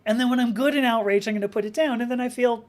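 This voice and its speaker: A woman hosting a live stream, talking in a rambling, animated way, reading out viewer comments and acting out little quotes as she goes. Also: fairly high pitch, quick pace. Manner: rambling, animated, with frequent restarts and acted-out quotes.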